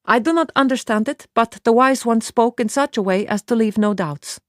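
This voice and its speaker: A woman's voice: fairly high pitch, dry recording, studio quality, voice pushed up, natural voice. A woman reading an audiobook, voicing a blunt, matter-of-fact young warrior woman in a raised voice. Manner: plain, measured, matter-of-fact.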